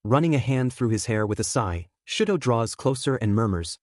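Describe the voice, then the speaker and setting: A man narrating a fan fiction story aloud in a steady, even storytelling manner. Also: medium pitch, moderate pace, no room sound, clean studio sound. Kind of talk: audiobook reading of fan fiction.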